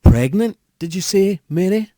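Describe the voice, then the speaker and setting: A man's voice: high-pitched, animated, a little slow, mellow, no echo, pitched above the performer's own voice. A man reading a horror audiobook, voicing a nervous young priest who speaks hesitantly and stumbles over his words. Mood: flustered. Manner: hesitant, stammering.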